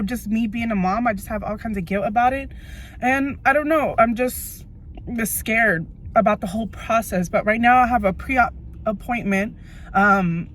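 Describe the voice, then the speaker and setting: A woman's voice: mid-range voice, a bit bright, a little hiss or hum. A woman in her thirties vlogging from inside her parked car, nervous and teary, rambling with lots of fillers. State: teary, on the verge of crying. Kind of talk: tearful personal vlog.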